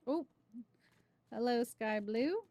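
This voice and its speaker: A woman's voice: fairly high pitch, slow pace. Chatty woman hosting a spiritual livestream. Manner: chatty, greets viewers warmly by name, many "right?" asides. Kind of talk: casual livestream talk with tarot reading.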